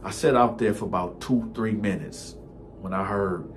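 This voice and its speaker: A man telling a first-person story in a casual, conversational way, animated and restarting his sentences often. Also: lowish voice, moderate pace, a little hiss or hum.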